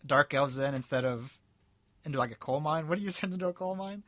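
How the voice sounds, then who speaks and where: A man's voice: fairly high pitch, brisk, sharp tone, no room sound. A young man running a comedic tabletop game, reading a story aloud in a hammy, melodramatic voice and chatting with the players. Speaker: game master.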